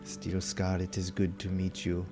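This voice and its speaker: A man's voice: low-pitched, completely flat delivery, measured pace. A man voicing a polite, formal elderly male merchant in green robes, with music behind. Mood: courteous.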